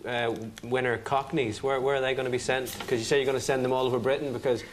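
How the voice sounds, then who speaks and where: A man's voice: medium pitch, flat delivery, quick pace, slight background noise. A man on a comedy panel, putting a teasing question to another speaker.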